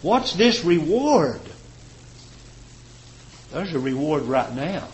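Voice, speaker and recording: A man preaching a sermon, rising to loud, high emphasis and dropping to quiet, slow phrases. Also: very animated, slight background noise, low-quality recording. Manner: impassioned, swelling and dropping in pitch and volume; slows and stretches key words for emphasis.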